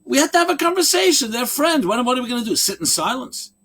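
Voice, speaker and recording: A man's voice: very high-pitched, big pitch swings, quick pace, a bit bright, breathy edge, voice pushed up, heavily acted. A man voicing a clueless husband who defends himself in an exasperated, insistent way.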